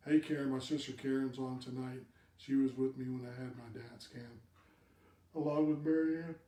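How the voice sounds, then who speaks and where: A man's voice: mid-range voice, steady tone, normal speed, dark tone, roomy sound, distant mic. A man hosting a live video cast, giving direct advice to viewers and repeating words for emphasis.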